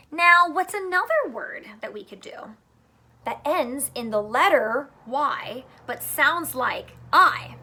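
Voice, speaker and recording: A woman teacher giving a phonics lesson to young children, speaking slowly and clearly in a sing-song, playful way. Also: sits high, lively intonation, sharp tone.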